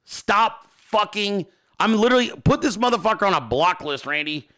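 A man's voice: sits high, animated, moderate pace, bright, forceful tone. A man hosting a casual livestream, reading viewer emails aloud and ranting with heavy profanity. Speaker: host.

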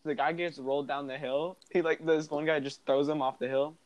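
A man's voice: on the high side, steady tone, brisk, dry recording, lo-fi sound. A young man joking around in a casual chat, full of slang.

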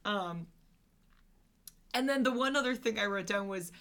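A woman co-hosting a casual movie podcast, chatty and animated, who laughs often. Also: medium pitch, measured pace. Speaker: podcast co-host.

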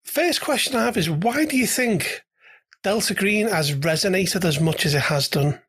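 A man's voice: sits high, lively intonation, moderate pace, a bit bright, breathy edge. A man hosting a podcast interview, talking casually and hesitantly, often repeating words as he finds his phrasing. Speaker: podcast host.

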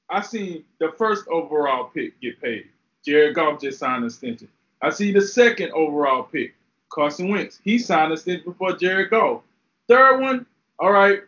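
Young guy ranting about football, high voice, kinda dull lo-fi sound. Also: a bit bright. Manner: fired-up, talks trash, slangy. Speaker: podcast co-host, former player. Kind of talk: animated sports talk.

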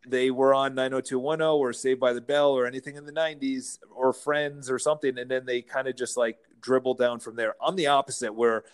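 A man, a real estate broker, telling stories as a guest in a casual interview, lively and laughing as he goes. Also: medium pitch, fairly quick, few pauses, clean tone. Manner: animated, acts out quotes, laughs while telling stories.

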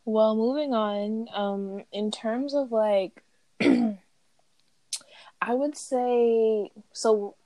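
A woman's voice: fairly high pitch, drawn-out words, dark tone, no echo. A young woman co-hosting a casual chat, hesitant and searching for words. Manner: hesitant, full of fillers and restarts. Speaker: podcast co-host.

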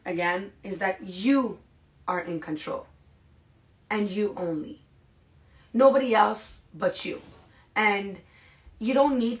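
A woman hosting a podcast, giving an energetic, casual motivational talk and often checking in with "right?" and "you guys". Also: fairly low pitch. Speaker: podcast host. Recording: echoey room.

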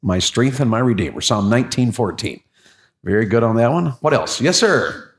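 This is a man preaching. He keeps it folksy and encouraging, voice of middling pitch, and keeps pulling answers from the people in the room. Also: lively intonation, normal speed. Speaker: pastor leading a class. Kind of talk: interactive sermon.

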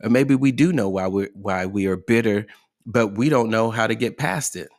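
This motivational podcast host has a lowish voice and talks at normal speed. His delivery is emphatic, peppered with rhetorical questions for listeners.

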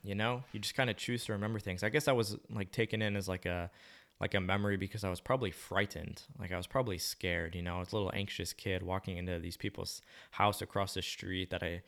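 A man's voice: low voice, steady tone, fast, creaky, fairly bright tone. A young man rambling casually to the camera, musing in a slangy, laid-back way with plenty of swearing.

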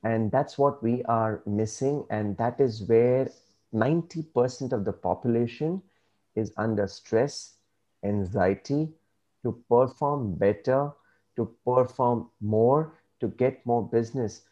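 A man speaking as an interview guest, earnest and measured, giving reflective advice. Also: mid-range voice, warm tone, lo-fi sound.

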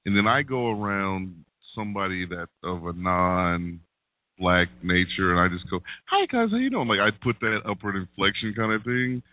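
A man on a casual panel, explaining his view at length in a measured way. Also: deep voice, no echo. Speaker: regular panelist. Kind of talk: casual group chat. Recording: tinny phone-like line, dry.

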